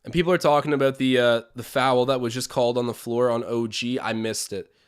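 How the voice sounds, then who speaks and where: A man's voice: mid-range voice, fairly even intonation, a little fast, clear, resonant tone. A young man hosting a live-stream watch-along, chatting opinions, calling plays and reading out viewer comments.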